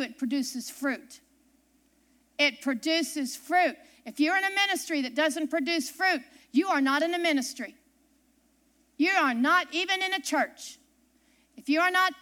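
A woman delivering a sermon in a high, bright voice. She speaks with emphasis and circles back to repeat her main lines, leaning on them for weight. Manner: emphatic, repeats key phrases. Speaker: preacher.

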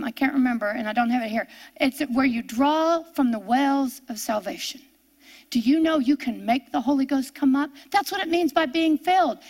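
An older woman preaching a sermon, emphatic and repetitive, rising loud and dropping to a hush. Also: high voice. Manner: emphatic, repeats phrases, swings between loud and hushed.

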